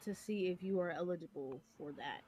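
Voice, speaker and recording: A woman playing a calm, polite doctor. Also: on the low side, fairly quick, slightly rough. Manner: calm, polite, hesitant with ums. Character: patient female doctor at a clinic. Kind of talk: game role-play.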